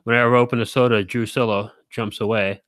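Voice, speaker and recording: A man's voice: mid-range voice, little pitch movement, quick pace, a bit bright. A man streaming to his viewers in casual livestream chat, rambling and correcting himself, with frequent chuckles.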